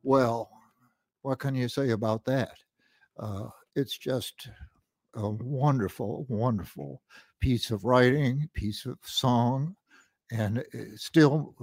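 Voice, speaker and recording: Slow, reflective older man. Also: mid-range voice, darkish tone, no room sound, studio quality. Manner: reflective, halting with restarts. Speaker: singer-songwriter. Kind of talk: reminiscing storytelling.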